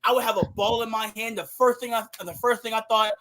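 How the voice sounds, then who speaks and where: A man's voice: extremely high pitch, fairly even intonation, fast talker, bright, forceful tone, no echo. A man chatting casually, eagerly jumping in with his own memory. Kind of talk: casual chat.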